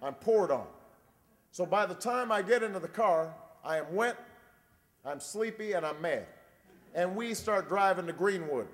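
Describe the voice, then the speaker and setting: A man in his forties giving a campaign speech, telling a dry, wry story and then building to a shouted rallying close. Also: sits high, lively intonation, unhurried. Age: 40s. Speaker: presidential candidate. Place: large convention hall. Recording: long reverb of a big convention hall.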